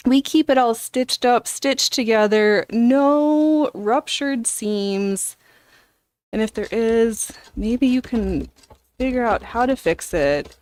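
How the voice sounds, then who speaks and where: Middle-aged lady streamer, slow rambly chat, kinda high voice, whispers stuff sometimes. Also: no echo. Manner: rambling, chatty, reads and answers viewer chat; slow, drawn-out talk with soft whispered asides. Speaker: livestream host. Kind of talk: casual livestream chat while sewing.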